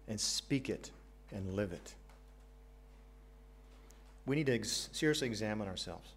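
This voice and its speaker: An American pastor with a mid-range voice delivers an earnest sermon. He poses questions to the congregation and slips light jokes in between his points.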